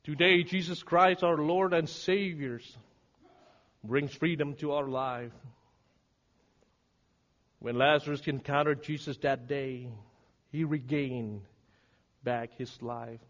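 A man preaching a sermon, dramatic and swinging from hushed words to shouting. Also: fairly high pitch, steady tone, takes it slowly, long pauses. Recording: reverberant hall, dull lo-fi sound.

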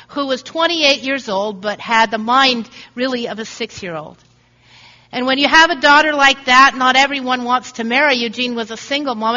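A woman's voice: fairly high pitch, sharp tone. A woman preacher giving a sermon in an earnest storytelling way, acting out the voices in her stories. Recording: dull recording in a reverberant hall.

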